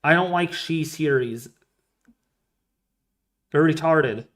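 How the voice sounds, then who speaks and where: On a live weather stream, a male host reads the models and the chat, talking casually and excitably and rambling off into asides. His voice is on the high side and he speaks slowly.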